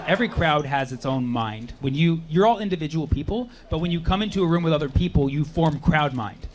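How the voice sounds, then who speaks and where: A man doing a stand-up comedy set on stage, animated and sarcastic, now and then putting on voices for the people in his stories. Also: on the high side. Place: comedy club stage before a live audience. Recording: live club audio with audience laughter and noise. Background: audience laughing.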